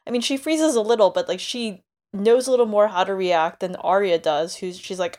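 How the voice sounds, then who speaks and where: A woman co-hosting a book podcast in casual chat, talking freely and acting out quotes in quick asides. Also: medium pitch, a little mellow. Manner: chatty, acts out quotes in asides. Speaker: podcast co-host.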